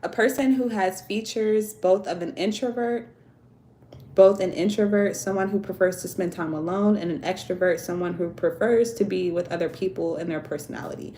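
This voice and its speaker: Reading out viewer comments on her phone livestream, a young tarot and oracle deck creator keeps things casual, candid and full of slang, laughing frequently. She has a dark-toned, mid-range voice at a moderate pace, with slight background noise.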